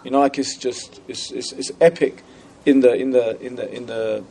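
A man teaching a class on a classical religious text, talking conversationally, often asking "you know?" and "right?" and reciting Arabic passages quickly. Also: medium pitch, fairly even intonation, mellow, slight background noise.

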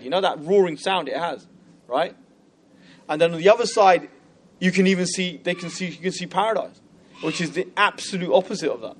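A man teaching a class on a classical religious text, talking conversationally, often asking "you know?" and "right?" and reciting Arabic passages quickly. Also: high-pitched.

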